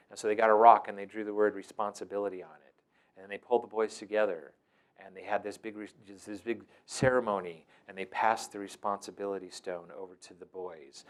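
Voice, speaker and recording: A middle-aged man telling stories as a teacher, animated and breaking into loud, shouted impressions. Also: on the low side, brisk. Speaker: wilderness mentor and teacher. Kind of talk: storytelling talk.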